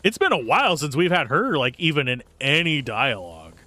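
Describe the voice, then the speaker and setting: A man's voice: a little high, sing-song, fairly quick, pushed and bright, dry recording. A man casually commenting on a video game livestream, joking and reading the dialogue aloud in voices. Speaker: let's play streamer.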